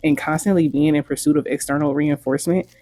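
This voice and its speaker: A woman's voice: low voice, fairly even intonation, quick pace, warm tone. A woman hosting opinionated commentary, speaking bluntly and frankly with casual profanity. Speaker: host.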